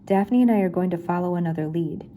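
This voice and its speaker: A woman's voice: on the low side, quick pace, mellow, a little hiss or hum, lightly acted. An older woman reading aloud, voicing a clever, matter-of-fact young woman.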